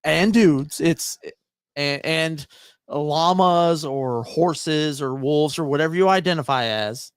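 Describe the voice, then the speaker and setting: A man's voice: on the high side, takes it slowly, smooth, dry recording, studio quality. A man co-hosting a casual podcast over drinks, rambling and stammering through restarts. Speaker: podcast co-host.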